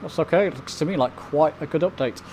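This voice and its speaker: A man's voice: on the high side, quick pace, noisy background. A man from the UK casually commenting on his flight simulator as he flies, chatting to viewers as he goes. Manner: chatty, talks to viewers while flying. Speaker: flight sim video host. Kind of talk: casual commentary over gameplay.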